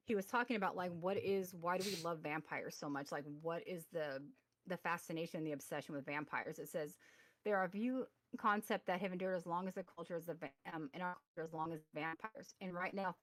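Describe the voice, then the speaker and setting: A woman's voice: fairly low pitch, a little fast, no room sound. A woman in her forties co-hosting a casual podcast over a remote mic, reading articles aloud and rambling with many fillers and restarts. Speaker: podcast co-host. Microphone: remote call mic.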